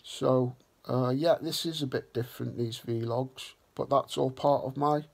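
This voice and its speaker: A man hosting a vlog, talking slowly and earnestly in a reflective way. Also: medium pitch, steady tone, vocal fry, a little mellow, husky. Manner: slow, earnest and heartfelt. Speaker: vlog host.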